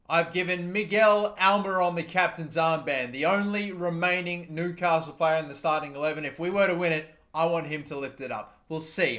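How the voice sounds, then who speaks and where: A young Australian man commentating his own football video game, swearing freely and bursting into shouts when his team scores. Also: fairly high pitch. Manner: swears often, erupts into shouting at goals. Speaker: gaming YouTuber. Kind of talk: live gameplay commentary.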